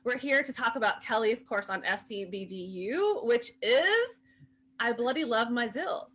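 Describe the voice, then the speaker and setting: A woman's voice: a little high, animated, fairly bright tone. Gushing, enthusiastic woman host. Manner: gushing and enthusiastic, quick to laugh. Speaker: live-stream host. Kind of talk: casual live-stream chat, reading out viewer comments.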